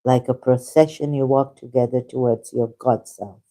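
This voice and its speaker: A man hosting a rambling livestream monologue, emphatic and indignant, halting often with fillers. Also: medium pitch, fairly even intonation, mellow. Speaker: channel host.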